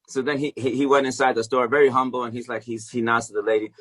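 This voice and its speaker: A man's voice: mid-range voice, little pitch movement, very fast, few pauses, fairly bright tone. A middle-aged man, an interview guest and music teacher, telling a story casually, acting out the voices of the people in it and swearing freely.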